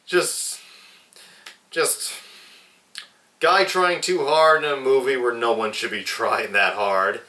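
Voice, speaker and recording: A man's voice: mid-range voice, fairly even intonation, pushed and bright. A young adult man reviewing a movie in a casual vlog. He rambles, swears a lot and often restarts his sentences. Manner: slow, rambling and profane, with lots of restarts. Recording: echoey room, mic at a distance.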